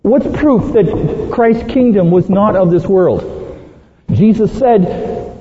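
A man delivers an earnest, emphatic sermon, his voice high and unhurried. The sound is thin and phone-like, and his words ring out through a long, echoing hall. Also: expressive, slight background noise. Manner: earnest, emphatic, dramatizes Bible quotes. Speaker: preacher.

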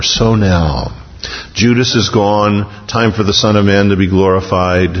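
A man with a lowish voice preaches a verse-by-verse sermon, telling the story vividly, climbing high when excited and sinking to near-hushed lows. The sound is dull and lo-fi, with a long echo from a large hall. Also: unhurried. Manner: animated storytelling, often rises then drops low and soft. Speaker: pastor. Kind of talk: expository sermon.

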